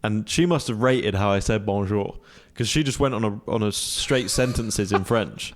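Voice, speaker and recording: A young man telling a travel story on a podcast, relaxed and swearing freely. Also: lowish voice, moderate pace. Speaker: podcast co-host. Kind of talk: casual chat.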